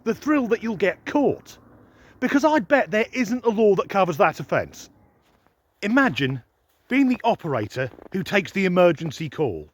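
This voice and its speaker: A man's voice: sits high, very animated, normal speed. A man delivering a sardonic, sweary comic rant to camera as a vlogger. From United Kingdom. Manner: sardonic, sweary, mock-incredulous. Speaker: comedy vlogger.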